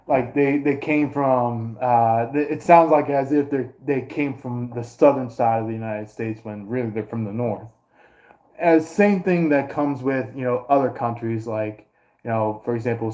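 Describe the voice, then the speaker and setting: A man's voice: mid-range voice, mellow. A man doing a casual astrology reading to his viewers, rambling with many fillers and restarts. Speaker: astrology and tarot reader.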